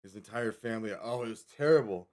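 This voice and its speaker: A man's voice: fairly low pitch, fast talker, a little mellow. A man livestreaming, rambling casually as he reads a web page aloud and stumbles over foreign names. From Colorado. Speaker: livestream host.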